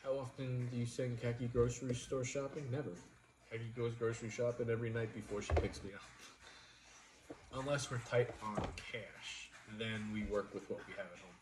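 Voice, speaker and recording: A man's voice: medium pitch, fairly even intonation, moderate pace, background noise. A young man chatting casually with viewers on a livestream, blunt and swearing freely as he tells a kitchen story. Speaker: livestream co-host.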